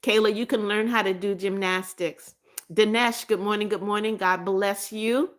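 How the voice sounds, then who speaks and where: A woman's voice: medium pitch, steady tone, moderate pace. A woman hosting a live stream, reading viewers' comments aloud, laughing often and greeting people with blessings. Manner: repeats phrases, scolds gently. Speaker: livestream host reading chat. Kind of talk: casual live chat.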